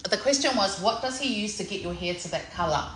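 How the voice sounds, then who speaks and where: Woman, forties, bright and lively, giddy loud salon-vlog chatter. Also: mid-range voice, fast, poor audio. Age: 40s. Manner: giddy, loud, laughing, swearing freely. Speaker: singer. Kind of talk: excited salon vlog chat.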